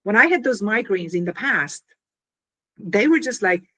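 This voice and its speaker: A woman talks through her invention in a loose, conversational interview. Her voice is a bit husky and swings widely in pitch as she piles on fillers and acts out quick scenes to make her point. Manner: animated, full of fillers, acts out little scenes. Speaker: inventor explaining her product. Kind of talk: casual explanatory interview talk.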